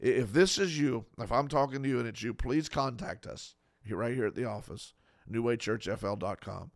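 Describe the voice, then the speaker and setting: A man's voice: mid-range voice, normal speed, no room sound. A man preaching as a pastor, earnest and pleading, stacking up short repeated phrases. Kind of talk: sermon.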